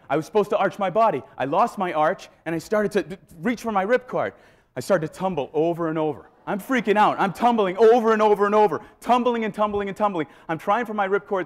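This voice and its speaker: A man giving a motivational keynote speech, telling a story with lively re-enactments to a live audience. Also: high voice, brisk. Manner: animated, acts out scenes and voices. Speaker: keynote speaker. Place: live event before an audience.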